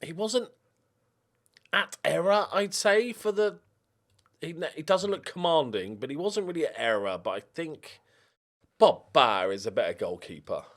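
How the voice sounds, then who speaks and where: An animated gaming YouTuber, his voice on the high side and his pace measured, gives casual let's-play commentary. He talks to the players on screen and yelps whenever frustration hits.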